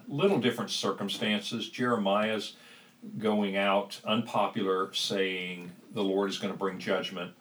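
A man with a low voice speaks as a podcast guest, earnest and reflective, and sometimes drifts a little as he talks. His mic sits somewhat far from him. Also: a bit bright, slight background noise. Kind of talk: podcast conversation.

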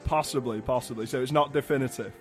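A man's voice: mid-range voice, fast, faint music behind. A British man hosting a comedy podcast, talking in a dry, wry, mock-apologetic way. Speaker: podcast host. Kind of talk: casual comedy podcast talk.

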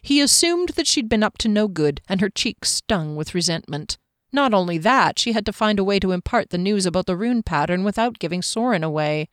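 A woman reading a fantasy novel aloud in a steady, even narrating voice. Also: mid-range voice, fairly quick, no room sound, clean studio sound. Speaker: audiobook narrator.

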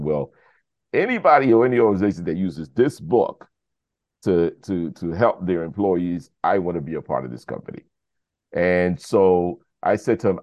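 A man from the United States, appearing as a podcast guest, tells a story casually in a low voice, acting out the dialogue and dropping in plenty of "you know." He's an animated storyteller with many fillers, and the recording is muffled with no room sound.

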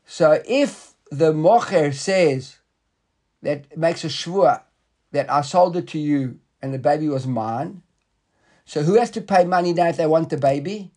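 A man's voice: on the high side, a little slow, warm tone. A man teaching a Talmud class in a conversational way, often repeating words and asking the students questions.

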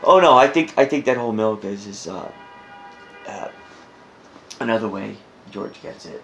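A man's voice: lowish voice, expressive, normal speed, creaky, a bit bright, soft background music. A man co-hosting a podcast, a crude, goofy joker who laughs often in casual chat. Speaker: podcast co-host.

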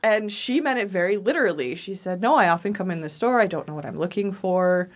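A woman's voice: mid-range voice, expressive, fairly quick. A woman co-hosting a casual chat, telling stories with frequent laughs and acted-out quotes. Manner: laughs often, acts out quoted voices. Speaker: podcast co-host telling ghost stories.

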